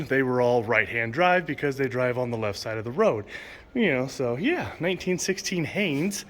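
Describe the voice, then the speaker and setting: A vlogger tours an indoor car museum hall, casually narrating his walk in a medium-pitched, slightly bright male voice. He reads the exhibit signs aloud with enthusiasm and sometimes stumbles over the names.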